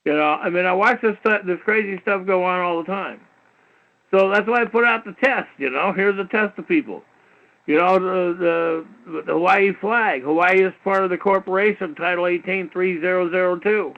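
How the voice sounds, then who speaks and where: A man's voice: high voice, normal speed. A man hosting a call-in talk show, lecturing in a heated, rambling way, peppered with "you know" and swearing. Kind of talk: rambling call-in radio monologue. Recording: dull lo-fi internet radio stream.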